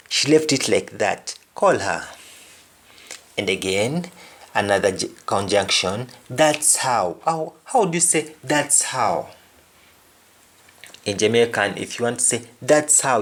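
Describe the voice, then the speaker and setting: A man gives a spoken language lesson at a slow, measured pace. He says each example phrase twice before explaining what it means. His delivery is deliberate and patient. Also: mid-range voice, lively intonation. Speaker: language teacher.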